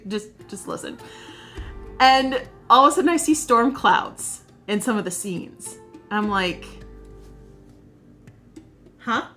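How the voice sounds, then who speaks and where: A young woman vlogging about her favorite scenes, gushing and telling stories with excitement, with faint music behind her. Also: fairly high pitch. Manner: gushing, excitable, animated storytelling. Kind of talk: casual fan commentary.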